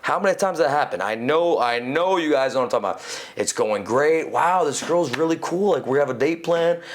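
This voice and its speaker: A man talking as a podcast guest in casual conversation, animated and swearing casually, peppering his talk with "you know". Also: on the high side, a little fast. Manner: animated, acts out quoted inner voices.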